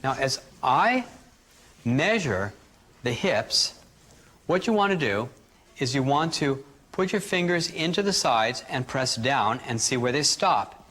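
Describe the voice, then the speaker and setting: Man calmly guiding breathing exercises. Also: medium pitch, takes it slowly. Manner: calm, guiding, demonstrates breathing aloud. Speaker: energy healing teacher. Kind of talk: instructional workshop teaching.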